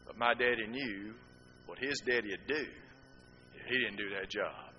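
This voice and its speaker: A man's voice: on the low side, normal speed, bright, forceful tone, long reverb tail, muffled recording, a little hiss or hum. A man preaching a sermon, telling folksy stories with rhetorical asides.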